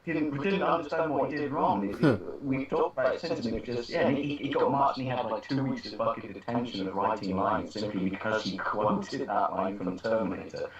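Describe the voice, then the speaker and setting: A man's voice: medium pitch, fairly quick, hardly any pauses, a crowd in the background. A man co-hosting a casual film chat, rambling through stories with many restarts. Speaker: podcast co-host. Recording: dull roomy home recording.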